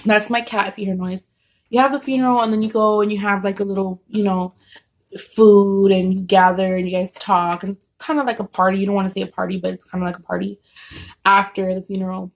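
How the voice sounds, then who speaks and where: A woman's voice: mid-range voice, fairly even intonation, fairly quick. A woman telling a story casually at home, rambling with many fillers and restarts. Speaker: vlogger telling a story while eating.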